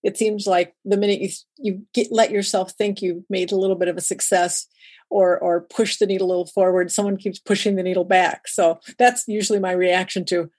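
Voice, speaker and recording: Animated woman telling stories in an interview. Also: medium pitch, fairly quick. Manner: lively storyteller who acts out quoted dialogue. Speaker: guest, writer and speaker. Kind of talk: conversational interview storytelling.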